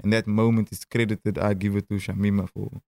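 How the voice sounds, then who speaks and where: A man's voice: fairly low pitch, level tone, gravelly, warm tone, no room sound. A man in his thirties with a Cape Town South African accent, a rapper telling stories in a casual interview, often stammering and restarting. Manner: stammering restarts, quick asides and laughs. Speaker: rapper and guest.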